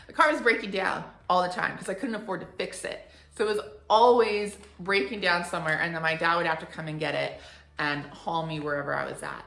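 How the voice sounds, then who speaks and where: A woman in her forties telling a story in a casual, animated way and acting out the people she quotes. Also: low-pitched, moderate pace, gravelly, echoey room. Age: 40s. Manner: animated, acts out quoted voices. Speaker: furniture flipping vlogger.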